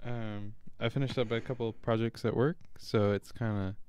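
A man's voice: fairly low pitch, fairly even intonation, normal speed, darkish tone, clear, resonant tone. A man co-hosting a podcast in casual chat, understated, with dry quips. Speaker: podcast co-host.

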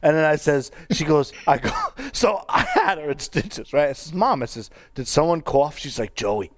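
A man's voice: on the high side, sing-song, moderate pace, no echo. A man co-hosting a podcast in casual chat, joking, teasing and laughing often. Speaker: podcast co-host.

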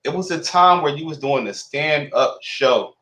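A man's voice: a little high, measured pace, bright, forceful tone. A man hosting a casual interview, asking long, winding, admiring questions. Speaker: interview host. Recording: echoey room.

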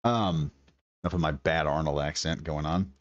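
Low-voiced man thinking aloud over gameplay. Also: moderate pace, no room sound, dull audio. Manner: enthusiastic, thinks aloud while building. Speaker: gaming video creator. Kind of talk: casual gameplay commentary.

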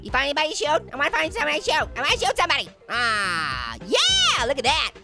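Annoying Orange, high and bouncy. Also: male voice, huge pitch swings, fast talker, over loud music, full character voice. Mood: playful. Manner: cackling, pun-making, jokey. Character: wisecracking male talking orange, goofy, punny. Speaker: let's play host. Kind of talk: let's play commentary.

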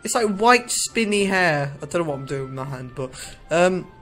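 A man talks through a video game in a loose, rambling way, cracking jokes and breaking off his own sentences. His voice sits a little high for a man, with faint music in the background. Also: expressive, normal speed, fairly bright tone. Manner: rambling, jokey, self-interrupting. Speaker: gaming video creator. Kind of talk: casual gameplay commentary.

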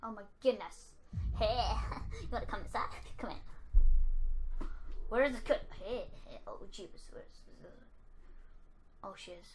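Over game music, a woman plays a horror game for a let's-play, her medium-pitched voice lively in intonation and moderate in pace. She's jumpy, addressing the on-screen characters and letting out frequent yelps and nervous laughs. The recording is rough, with a little hiss or hum.

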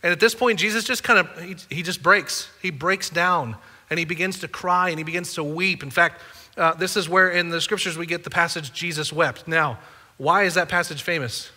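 Bright-voiced pastor preaching in a reverberant hall. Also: male voice, on the high side, normal speed. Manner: conversational, playful asides to congregation. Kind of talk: sermon. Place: church auditorium.

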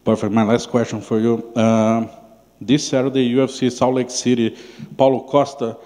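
Mellow-voiced male reporter, echoing hall. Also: mid-range voice, flat delivery, normal speed. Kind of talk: press conference questions. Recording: long reverb in a big room.

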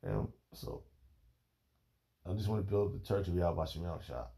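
A man with a low, gravelly, dark voice talks through a rambling spiritual monologue. He sounds emotional, as if holding back tears, and his loose, halting phrases keep circling back to "man" and "bro". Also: animated.

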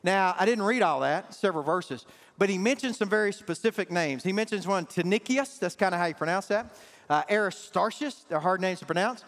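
High-voiced preacher in an echoing church. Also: male voice, a little fast, a bit bright. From Southern US. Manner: emphatic, calls out to the congregation. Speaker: pastor. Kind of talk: sermon. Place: large church sanctuary. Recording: reverberant church hall, faint music.

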